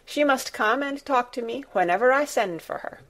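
A woman reading the part of a sickly, demanding young boy in a storybook, a little higher than her narrating voice. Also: expressive, normal speed, fairly bright tone, full character voice. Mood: imperious. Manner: demanding, petulant.

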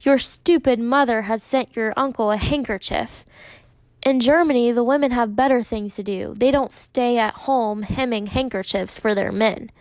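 A woman's voice: fairly high pitch, normal speed, darkish tone, no echo, lightly acted. A woman voicing a scornful, harsh adult male German soldier in a storybook reading. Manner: harsh, contemptuous.

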